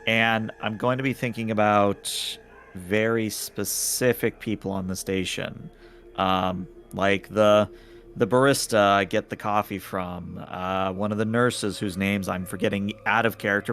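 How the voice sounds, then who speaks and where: A man's voice: on the low side, fairly even intonation, unhurried, fairly bright tone, faint music behind. A man playing a tabletop game, describing what his character does, with many fillers. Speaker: player.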